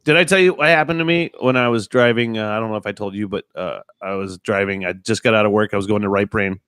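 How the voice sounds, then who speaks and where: A man's voice: on the low side, fast, a bit bright, clean tone, no echo, studio quality. A man hosting a casual podcast chat who tells stories and makes crude, profane jokes. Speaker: podcast host.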